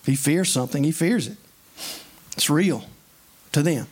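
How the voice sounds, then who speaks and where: A man's voice: on the high side, expressive, moderate pace, a little mellow, breathy edge. A man preaching a sermon in an earnest, conversational way, mixing scripture with plain everyday stories.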